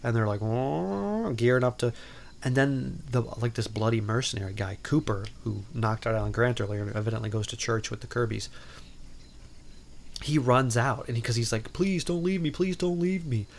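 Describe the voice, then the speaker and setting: Fairly low-pitched and steady, the man talks fairly quickly, with a little hiss or hum in the audio. As a podcast host casually going over a movie, he rambles with plenty of "like" and "um" and breaks off into playful asides.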